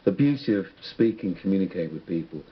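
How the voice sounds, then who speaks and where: A man's voice: deep voice, lively intonation, quick pace, husky, lo-fi sound. A man guest on a radio interview, speaking in a rambling, reflective way with many restarts. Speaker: musician guest.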